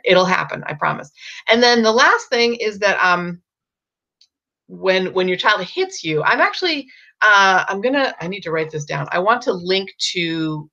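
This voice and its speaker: A middle-aged woman talks parents through a problem in a casual, unscripted way, stopping often with ums and restarting her sentences. Her voice sits low with a gravelly fry. The recording sounds dull and lo-fi. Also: fairly bright tone. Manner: thinks aloud with many ums and restarts. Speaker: parenting coach. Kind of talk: casual advice talk.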